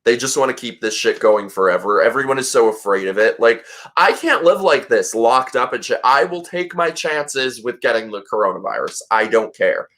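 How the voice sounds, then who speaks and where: A man hosting a casual livestream chat, telling a story in an animated way and swearing freely. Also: medium pitch, moderate pace, few pauses. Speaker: host.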